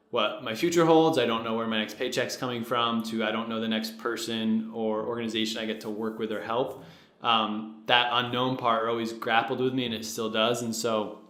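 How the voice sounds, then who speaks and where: A man's voice: mid-range voice, a bit bright, roomy sound. A young man casually co-hosting a podcast, rambling a little with fillers and restarts. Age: young adult. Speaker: podcast founder and co-host. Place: studio with a producer present.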